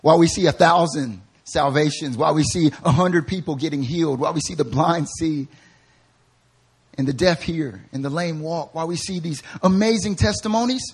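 A man preaching a sermon, moving between quiet, joking storytelling and loud, fervent shouting, acting out quoted people with humor. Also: on the high side, normal speed, slightly rough. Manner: acts out quoted voices with humor. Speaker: pastor.

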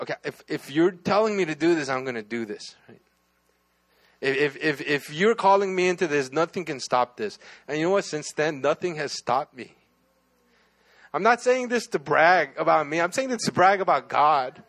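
A man's voice: fairly high pitch, fairly bright tone. A man, a pastor, telling his own testimony in a sermon, talking casually with many restarts and "right?" asides.

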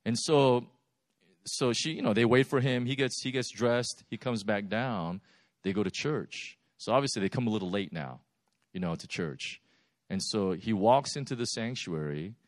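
A man preaching a sermon, telling stories in a lively, animated way with laughs. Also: lowish voice, normal speed, dry recording, clean studio sound. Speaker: pastor. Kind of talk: sermon storytelling.

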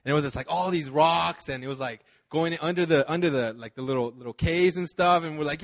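Higher-voiced pastor telling a casual story. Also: male voice, fast, fairly bright tone. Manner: chatty and self-deprecating, laughing, with many fillers and restarts. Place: church service.

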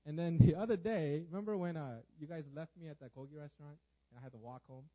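A man preaching a storytelling sermon to a congregation, animated, swinging from loud outbursts to hushed lines and often stammering and repeating words. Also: fairly high pitch, fast, highs cut off.

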